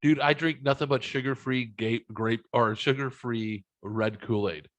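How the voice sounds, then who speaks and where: A man's voice: mid-range voice, steady tone, a little slow, fairly bright tone, dry recording. A man hosting a podcast, chatting casually with crude, joking banter. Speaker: podcast host. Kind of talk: casual chat.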